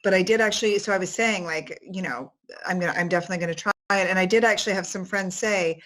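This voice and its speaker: A woman in her forties, an author telling stories in a casual interview, lively and quick to laugh. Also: mid-range voice. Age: 40s. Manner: animated, laughing storyteller. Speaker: author guest.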